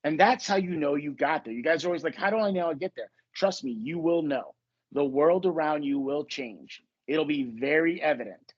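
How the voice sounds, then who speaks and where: A man's voice: fairly high pitch, moderate pace, highs cut off. A man hosting a podcast as a manifestation coach, telling stories in a casual, joking way with plenty of swearing. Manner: profane, joking, animated storytelling.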